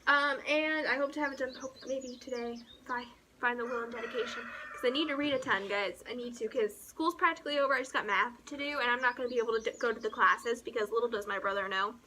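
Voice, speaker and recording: High, bright-voiced young woman rambling. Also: fast talker, a little hiss or hum. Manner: animated storyteller, giggly and dramatic. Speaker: book vlogger. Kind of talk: casual rambling chat. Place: outdoor porch.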